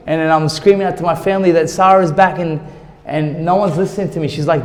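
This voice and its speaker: In an interview recorded with long hall reverb, a former boxer shares his life story candidly at a quick pace. His voice is a little high with a darkish tone, and he emotionally acts out conversations using quoted dialogue.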